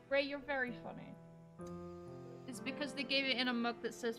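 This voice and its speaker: A high-pitched woman streamer chatting casually over her game, giggling often and tossing out quick asides. Faint music runs underneath. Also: little pitch movement.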